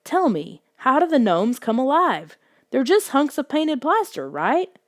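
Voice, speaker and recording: A woman's voice: sits high, big pitch swings, measured pace, dry recording, studio quality, voice pushed up, exaggerated voice. Woman doing a frantic pleading young boy. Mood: urgent. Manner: urgent, pleading, rising questions. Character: anxious boy hero pleading for answers.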